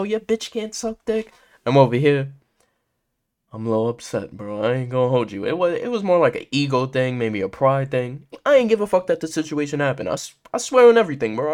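A young man hosting a podcast, casually telling a story in heavy slang and laughing often. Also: mid-range voice. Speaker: podcast host.

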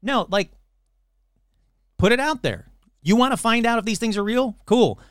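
A man's voice: very high voice, expressive, moderate pace, a bit bright, smooth, dry recording, studio quality. Sarcastic podcast host man. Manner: sarcastic, puts on mocking voices; swears casually. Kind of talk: casual chat.

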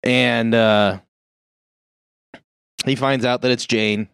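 Smooth-voiced man rambling through a recap. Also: medium pitch, steady tone, takes it slowly, a bit bright, dry recording, studio quality. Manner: rambling, swears, many fillers. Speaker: podcast co-host recapping a movie. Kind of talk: casual movie recap chat.

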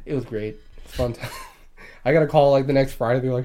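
A man's voice: mid-range voice, normal speed, long pauses, dark tone. A young man telling crude stories in casual chat, swearing and laughing as he talks. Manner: profane, laughing storyteller.

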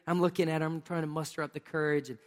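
A male pastor giving a sermon, telling funny personal stories in an animated, playful way and acting out scenes with exclamations. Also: a little high, very fast. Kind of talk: sermon with humorous personal storytelling. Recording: long reverb of a large hall.

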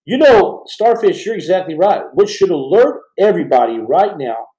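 A man's voice: high-pitched, animated, normal speed, dark tone. A middle-aged man hosting a live podcast, talking fervently to viewers in a rambling way with many restarts. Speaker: podcast host. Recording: roomy echo.

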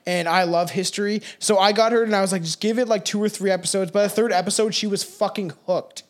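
A man's voice: sits high, fast talker. A man co-hosting a casual podcast, swearing freely and reading out history facts between jokes. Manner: profane, animated, reads facts aloud. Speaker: podcast co-host. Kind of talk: casual chat.

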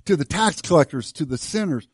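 A man preaching a sermon to his church, swinging from hushed, slow lines to loud, fervent ones. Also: a little high, expressive, slightly rough, no echo, clean studio sound. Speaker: pastor.

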